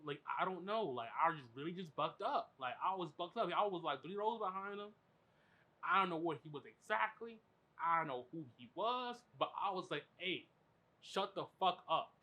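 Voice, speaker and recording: A man hosting a podcast, telling a story in animated, profane, filler-heavy casual chat. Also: sits high, moderate pace. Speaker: podcast host.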